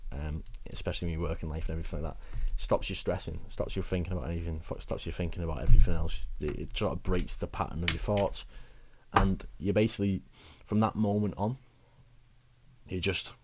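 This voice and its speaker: A man's voice: sits low, fairly even intonation, a little fast, background noise. A young man giving rambling, chatty advice in a casual vlog, laughing at himself now and then. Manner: chatty, rambling, self-mocking with frequent laughs. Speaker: wellbeing vlogger.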